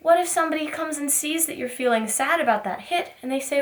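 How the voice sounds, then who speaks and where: A woman teaching a preschool circle time, asking gentle questions in a sing-song teacher voice. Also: high-pitched, fast talker. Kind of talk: circle time lesson for young children.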